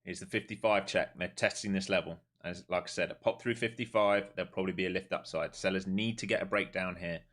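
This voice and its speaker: Male trader-streamer with a lowish voice and a chatty running commentary that goes from quiet muttering to sudden excitement. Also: fast talker, few pauses. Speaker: live-streaming day trader. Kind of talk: live trading commentary to viewers.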